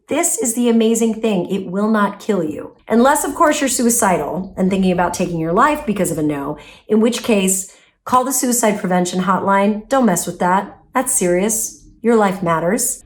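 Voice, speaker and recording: A woman vlogger giving self-help advice straight to her viewers, animated, acting out inner voices and slowing down to stress key words. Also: fairly high pitch. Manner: animated, acts out inner voices with gasps and mock quotes; slows to a drawn-out, emphatic delivery on key words. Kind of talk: direct-to-camera advice vlog.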